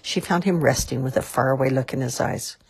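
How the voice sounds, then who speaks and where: Husky-voiced woman reading a storybook. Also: rumbling low, brisk. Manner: expressive, lilting. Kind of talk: storybook read-aloud.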